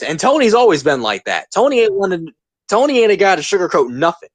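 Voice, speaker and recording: A man's voice: sits high, very animated, fast, no echo. A man in his twenties hosting a casual opinion podcast, talking emphatically and ranting, repeating his points. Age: 20s. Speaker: podcast host.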